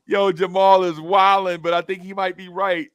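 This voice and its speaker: A man's voice: high voice, measured pace, no room sound, muffled recording. Slangy, laughing man with a raised voice. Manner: slangy, laughing, animated storytelling. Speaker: show host reading viewer comments. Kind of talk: casual live-stream chat.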